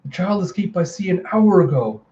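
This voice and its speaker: A man's voice: high voice, lively intonation, brisk, dark tone, roomy sound, highs cut off, pitched above the performer's own voice. A man voicing a nervous young soldier, talking raised and flustered.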